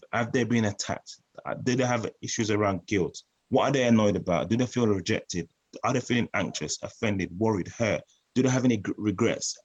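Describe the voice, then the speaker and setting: An earnest man talks through a community presentation, his voice sitting a little low. He often stumbles and repeats a word or two as he works out what to say next, then carries on. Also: a little mellow, poor audio. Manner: earnest, repeats words while searching for phrasing. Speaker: youth project presenter.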